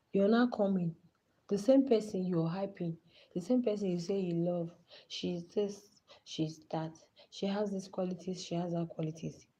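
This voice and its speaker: A woman's voice: lowish voice, warm tone, breathy edge, poor audio. A woman in her thirties with a Nigerian accent, hosting a live stream and giving passionate, pleading commentary. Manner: impassioned, pleading.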